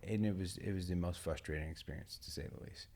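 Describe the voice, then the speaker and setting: Deep-voiced man telling a story. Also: fast talker, vocal fry, a little hiss or hum. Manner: relaxed rambling anecdote, swears, laughs often. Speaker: podcast co-host. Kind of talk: casual storytelling chat.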